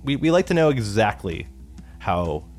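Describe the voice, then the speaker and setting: American male podcast host, low and animated, stammering jokes. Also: moderate pace, soft background music. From United States. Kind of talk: casual podcast chat.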